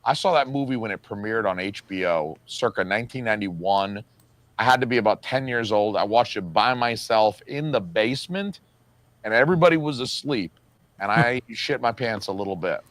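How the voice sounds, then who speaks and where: A man's voice: fairly low pitch, moderate pace, a bit bright, dry recording. Crude joking man in his forties. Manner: crude, self-mocking storyteller. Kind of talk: casual chat. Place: home room with a bookcase.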